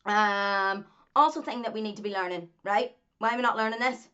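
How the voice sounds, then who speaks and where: A woman's voice: mid-range voice, fairly even intonation, a little fast, bright, forceful tone, clean tone. Emphatic Northern Irish woman, lo-fi sound. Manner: emphatic, repeats points, laughs often. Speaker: vlogger, former track athlete. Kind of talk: casual talking-to-camera monologue.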